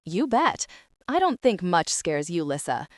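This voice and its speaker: A woman reading a calm, protective grown man in an audiobook, giving measured warnings. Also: on the low side, dry recording, studio quality.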